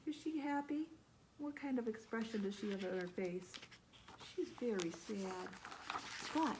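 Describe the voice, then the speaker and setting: A woman librarian leading a children's story time, reading aloud in an animated way with a Midwestern American accent and asking the children questions. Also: mid-range voice, unhurried, a little hiss or hum.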